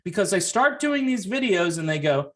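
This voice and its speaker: A man ranting to camera on his music commentary channel, frustrated and yelling, sarcastic, swinging between loud outbursts and low mutters. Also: big pitch swings, moderate pace. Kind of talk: heated rant to camera.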